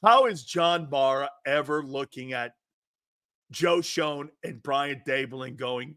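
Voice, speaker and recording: Male sports talk host, brash and mocking, unhurried delivery, bright tone. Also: medium pitch, no room sound, studio quality. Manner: brash, mocking, laughs often. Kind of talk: opinionated sports talk commentary.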